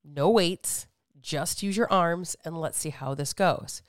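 A middle-aged woman, a fitness coach hosting a podcast, telling a story in a candid, animated way and swearing often. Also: on the low side, slow, no room sound, clean studio sound. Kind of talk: casual monologue podcast.

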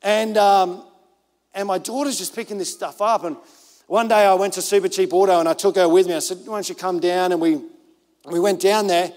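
A man's high, light voice carries an earnest, conversational sermon through a room with long, lingering reverb. He talks casually, full of "like" and "you know," acting out his own thoughts as he goes. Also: steady tone, fairly quick, darkish tone. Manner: earnest, conversational, full of fillers and self-quotes. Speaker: pastor. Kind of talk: informal sermon.

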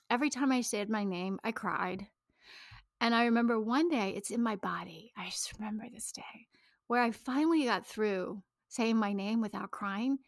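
A woman's voice: mid-range voice, dry recording, clean studio sound. Confessional woman, slipping into whispers. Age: 30s. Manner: intimate, emotional, dips into whispers. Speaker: speaker on money and shame. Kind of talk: personal talk to an audience.

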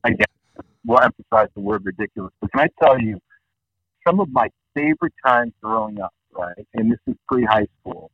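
A man in his fifties, a guest calling in, telling rambling nostalgic stories in an animated way. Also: lowish voice, brisk, dry recording. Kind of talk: casual storytelling. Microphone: phone line. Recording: dull phone-call audio.

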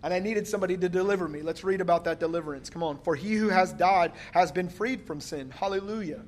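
A man preaching a sermon, reading scripture slowly and commenting emphatically, often laughing. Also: sits high.

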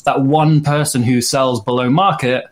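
Animated man saying "mate", mid pitch. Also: moderate pace. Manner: animated, uses "mate", acts out other people's voices. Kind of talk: casual chat.

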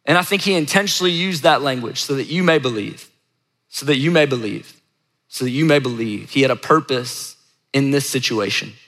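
Brief: conversational male preacher, bright voice, long reverb of a large hall. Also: medium pitch, fairly quick. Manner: conversational, emphatic repetition. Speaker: pastor. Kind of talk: sermon.

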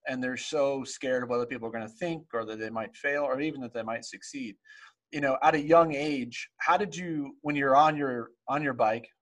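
A man hosting a podcast, asking relaxed, reflective questions in a casual interview. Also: medium pitch, fairly quick. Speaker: podcast host.

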